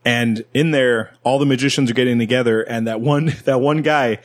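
A man co-hosting a casual movie podcast, animated and laughing as he acts out scenes. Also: medium pitch, normal speed. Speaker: podcast co-host.

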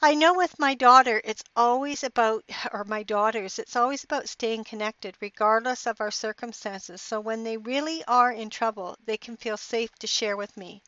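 A woman's voice: fairly high pitch, moderate pace, hardly any pauses, sharp tone, dry recording. A middle-aged woman hosting a motivational podcast in an upbeat, encouraging, inspirational way. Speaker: podcast host. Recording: dry, dull lo-fi podcast audio.

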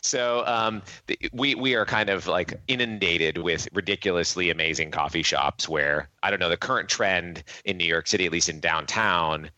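Deep-voiced joking man in a dry room. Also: normal speed, few pauses, no echo. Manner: jokey, animated, laughs often. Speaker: guest, tech company CEO. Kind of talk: casual interview chat.

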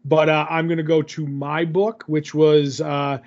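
A man's voice: fairly high pitch, flat delivery, a little slow, a little mellow, highs cut off. A man co-hosting a podcast, rambling through a comic book recap in casual chat, with lots of fillers and self-corrections.

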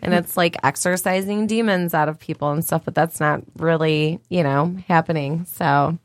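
A woman's voice: low voice, steady tone, normal speed, no room sound, clean studio sound. A woman co-hosting a podcast, talking in opinionated, rambling casual chat. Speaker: podcast co-host.

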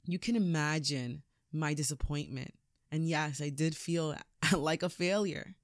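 A woman hosting a podcast, giving an energetic, preachy motivational talk and laughing often. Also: low-pitched, unhurried, dry recording, clean studio sound. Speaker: podcast host, motivational speaker.

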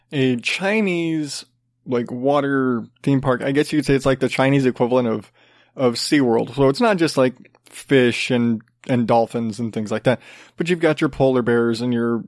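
A man's voice: medium pitch, a little mellow, no echo, clean studio sound. A man hosting a podcast, ranting sarcastically with plenty of swearing and rambling restarts. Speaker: podcast host. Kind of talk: casual ranting commentary.

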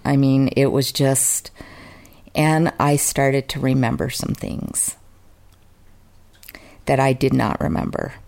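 A woman with an unusually deep, low-pitched voice speaks as a guest in an interview. She tells her own story in an earnest, open and emotional way, now and then making fun of herself. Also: fairly even intonation, slow, gravelly, pauses often, a little mellow. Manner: earnest, open and emotional, sometimes self-mocking. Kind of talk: candid personal storytelling in an interview.

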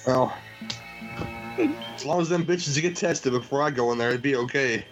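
A man's voice: mid-range voice, moderate pace, music in the background. A man chatting casually on a film commentary podcast, joking crudely and restarting his sentences. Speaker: podcast co-host.

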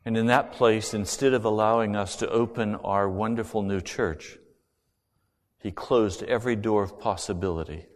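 A middle-aged male preacher with a fairly low voice delivers an earnest sermon, dropping to a hush and then rising sharply. His words ring out with a long reverb in a large church hall. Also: steady tone, moderate pace. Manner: earnest storytelling, dramatic swings from hushed to loud.

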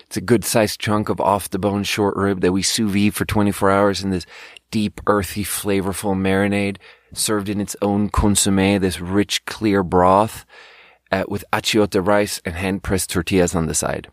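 A Swedish man who hosts a podcast and also works as a restaurant server delivers a casual, rambling monologue, a profane and self-mocking story. His voice is low with little pitch movement, and he speaks at a normal speed. The recording is studio quality with no echo.

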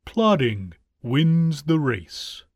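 A man voicing a calm, unhurried male tortoise in a storybook reading. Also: fairly high pitch, background noise, heavily acted. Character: slow steady patient male tortoise.

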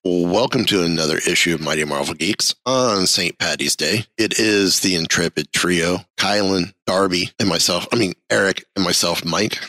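A man hosting a casual podcast, relaxed as he welcomes listeners and plugs a promo code. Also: low voice, normal speed, hardly any pauses, no room sound. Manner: relaxed, plugging promo codes. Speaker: podcast host.

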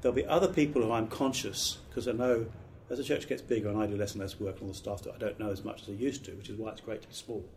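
Middle-aged British man, pastor-trainer, low-pitched, earnest and emphatic, casual restarts. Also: steady tone, fast, vocal fry, hardly any pauses, a little mellow, slight background noise. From Britain. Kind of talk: training talk on preaching.

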